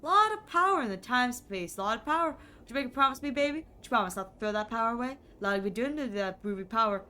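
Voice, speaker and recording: A woman's voice: a little high, animated, fast, hardly any pauses, bright, forceful tone, slight background noise. A woman voicing a laid-back, groovy hipster who croons and repeats words with a cool swagger. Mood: coaxing.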